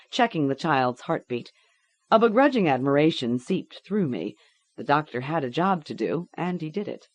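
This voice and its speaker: A woman reading a grim story aloud in a measured, deliberate way. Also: sits low, a little mellow, dry recording. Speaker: audiobook narrator. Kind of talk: scripted audiobook narration.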